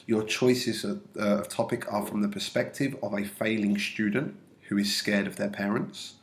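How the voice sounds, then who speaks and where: A man teaching a lesson, calmly walking through examples step by step for his students. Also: fairly low pitch, normal speed. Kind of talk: classroom lesson explanation.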